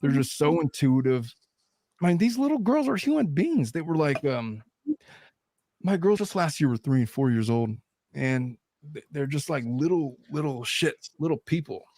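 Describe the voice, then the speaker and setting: A man in his thirties hosting a casual podcast discussion, animated, swearing freely and laughing between points. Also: on the high side, normal speed. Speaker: host.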